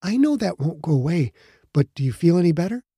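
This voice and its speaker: A man voicing a caring, teasing young woman in an audiobook, gentle and coaxing. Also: on the high side, sing-song, fairly quick, breathy edge, dry recording, clean studio sound, pitched above the performer's own voice, exaggerated voice. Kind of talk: audiobook narration.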